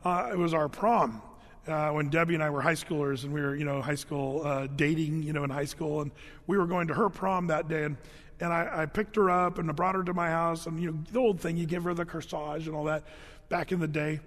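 A man with a high voice preaches in a relaxed, chatty way, with filler words and jokes. His voice rings out with the long reverb of a large hall. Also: a little fast. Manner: casual, conversational, humorous storytelling; frequent fillers and restarts. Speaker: pastor. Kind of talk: sermon.

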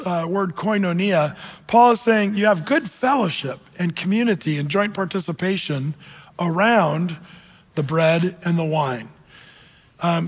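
In a church sanctuary, a male pastor with a high-sitting voice preaches a sermon in an animated, conversational teaching style, dropping in frequent asides. The room leaves a long reverb tail.

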